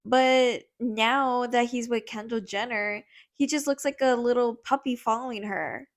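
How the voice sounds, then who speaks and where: A woman's voice: on the high side, fairly even intonation, a little slow. A young woman co-hosting a podcast in casual chat, laughing often and swearing while she rambles. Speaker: podcast co-host.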